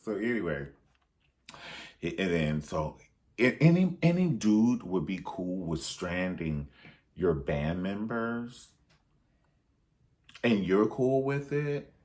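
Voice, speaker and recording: A man's voice: low-pitched, animated, takes it slowly, pauses often, darkish tone. A man recapping a film in a sassy, profane, theatrical way. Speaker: film reviewer. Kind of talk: casual movie recap.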